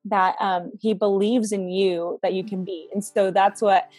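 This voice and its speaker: A woman's voice: medium pitch, fairly even intonation, a little slow, darkish tone, no echo, faint music behind. A woman in her twenties, a guest in a faith interview, chatting casually and peppering her speech with "like" and "um". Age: 20s. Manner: chatty, frequent "like" and "um".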